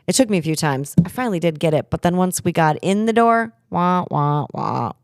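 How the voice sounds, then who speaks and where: A middle-aged woman from Minnesota co-hosting a travel podcast, telling stories in an animated casual chat. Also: on the low side, fast talker, dry recording, clean studio sound. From Minnesota, USA. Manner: lively, animated storyteller.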